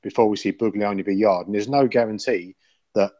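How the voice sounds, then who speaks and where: A low-voiced man talks fast in a rambling, sweary way. He hosts a relaxed panel chat and gives his opinions. The sound is dull and lo-fi, in a dry space. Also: no echo.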